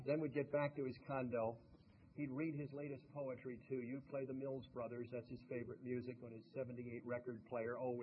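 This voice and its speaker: A motivational speaker with a mid-range male voice tells folksy stories and addresses the audience directly. The highs are cut off, and there's slight background noise.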